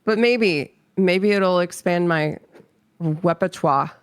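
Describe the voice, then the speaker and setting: A woman with a gravelly edge to her voice chats casually as a guest, laughing often and restarting her sentences. The sound is close and dry. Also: lowish voice, animated, normal speed, dry recording. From North Carolina, US. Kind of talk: casual chat.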